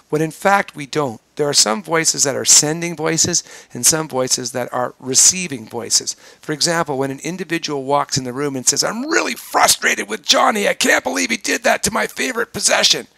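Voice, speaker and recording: A man giving a recorded training lecture, explaining in a measured way and sometimes acting out tones of voice as examples. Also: mid-range voice, creaky, fairly bright tone, no room sound.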